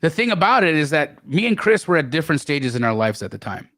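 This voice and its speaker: A middle-aged man telling stories as a podcast guest, animated, often repeating words and restarting. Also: quick pace, dry recording, studio quality. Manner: animated, acts out quoted voices with big pitch jumps. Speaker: guest real estate investor. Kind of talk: storytelling in a podcast interview.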